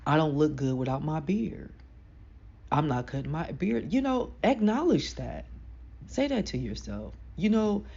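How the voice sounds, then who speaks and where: A woman with a deep voice giving casual, frank motivational advice to camera. She talks emphatically, in slang. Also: mellow, breathy edge, lo-fi sound. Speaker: self-help vlogger.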